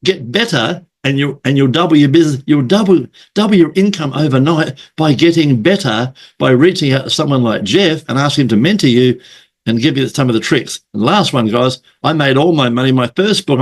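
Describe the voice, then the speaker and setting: Chatty man telling sales yarns. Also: mid-range voice. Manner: storytelling, swears, acts out quoted voices. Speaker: podcast host. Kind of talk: casual interview chat.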